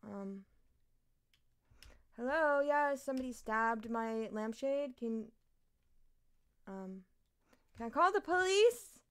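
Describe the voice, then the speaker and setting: A woman's voice: on the high side, expressive, slow, long pauses, clean tone. A British woman streaming a game live, rambling, giggling and swearing as she plays. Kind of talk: live gameplay commentary. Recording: loud background music. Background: game music.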